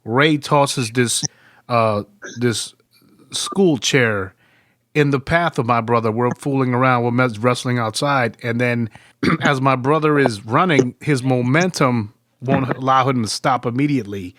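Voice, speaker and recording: A man's voice: medium pitch, a little slow, fairly bright tone, no room sound, studio quality. A man hosting a podcast, telling a rowdy story in casual, profane chat and laughing through it. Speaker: podcast host.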